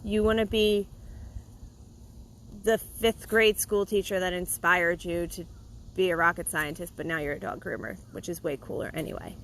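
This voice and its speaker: A woman's voice: on the low side, normal speed, slight background noise, poor audio. Blunt, emphatic woman talking to camera. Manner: blunt, emphatic, talks straight to the viewer; animated, mocks complaints in a put-on voice. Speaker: dog groomer and video host. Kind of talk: opinionated casual monologue.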